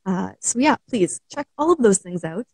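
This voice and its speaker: A woman's voice: mid-range voice, expressive, normal speed, husky, no echo, rough recording. A woman coach with a Canadian accent, chatting casually on a live stream, laughing often and using many fillers. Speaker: mental wellness coach.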